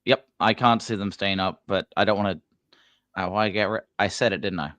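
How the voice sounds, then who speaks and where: Low-voiced man, laid-back football chat. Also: brisk, a bit bright, no echo. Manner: easygoing, chuckles often, trails off and corrects himself. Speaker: fan channel co-host. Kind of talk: casual live-stream football chat.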